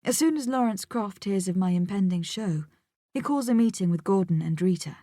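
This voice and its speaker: A woman narrating a first-person audiobook in a measured, reflective way, with a close studio mic. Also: medium pitch, expressive, warm tone, no echo.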